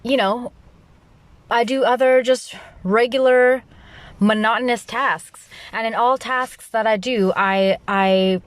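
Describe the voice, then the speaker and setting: A young adult woman hosting her own podcast in a loud, rambling solo monologue, restarting sentences often and laughing at herself. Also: a little high, takes it slowly, no echo. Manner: loud, animated delivery. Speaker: podcast host.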